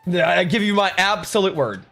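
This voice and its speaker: He is a young man on a live stream, speaking in a high, creaky, slightly bright voice with lively intonation at a fairly quick clip. He chats casually with viewers, reads their comments, cracks sarcastic jokes, and often begins sentences again, with faint music in the background.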